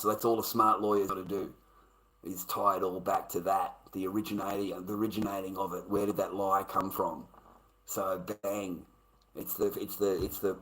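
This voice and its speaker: A man's voice: low voice, a bit bright, rough recording. An Australian man talking casually to his live-stream audience, coarse and emphatic, swearing often.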